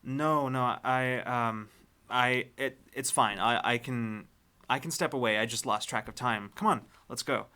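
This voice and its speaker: A man voicing a gentle human father in his forties in a tabletop game, kind and a little hesitant. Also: medium pitch, unhurried, smooth.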